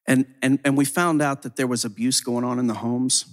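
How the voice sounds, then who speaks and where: A man's voice: mid-range voice, fairly even intonation, fairly quick. A man giving a sermon testimony as a ministry leader. He tells the story casually, with frequent "like" fillers and repeated words.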